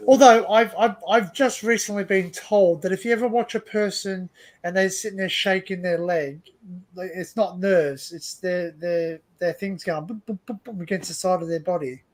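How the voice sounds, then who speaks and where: A man hosts a relaxed livestream chat, his voice sitting fairly high. He rambles, trips over repeated words and laughs often. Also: normal speed. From Australia. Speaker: livestream host. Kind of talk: casual chat among friends.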